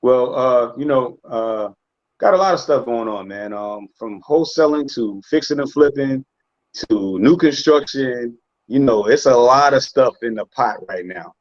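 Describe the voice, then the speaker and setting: A man's voice: mid-range voice, lively intonation, unhurried, no echo. Forties man with a Southern US accent, hyped emphatic guest, dry muffled audio. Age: 40s. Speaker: guest, real estate entrepreneur. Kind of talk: casual interview chat. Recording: dull, dry sound.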